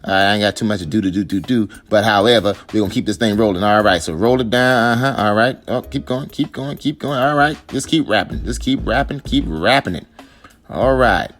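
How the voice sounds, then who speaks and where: A man's voice: lowish voice, a little fast, fairly bright tone. Joking man narrating a hair tutorial. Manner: joking, teasing, coaxing, with sung bits. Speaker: husband narrating his wife's hair tutorial. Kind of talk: playful improvised voice-over commentary.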